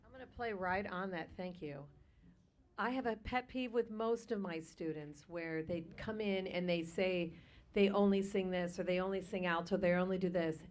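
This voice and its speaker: A woman's voice: fairly low pitch, normal speed. A woman voice teacher judging a singer, explaining technique in an instructive, practical way. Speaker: vocal teacher and judge. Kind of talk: spoken critique.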